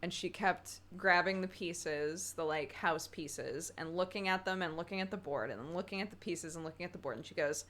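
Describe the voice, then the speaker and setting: A woman's voice: fairly low pitch, moderate pace, hardly any pauses, a bit bright. A woman streaming a game, chatting casually with viewers in a rambling way and laughing often. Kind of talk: casual chat with viewers while gaming.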